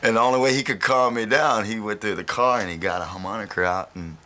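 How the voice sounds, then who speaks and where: A man's voice: fairly low pitch, fast talker, sharp tone. A male blues musician, telling rambling stories with laughter. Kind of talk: relaxed storytelling interview.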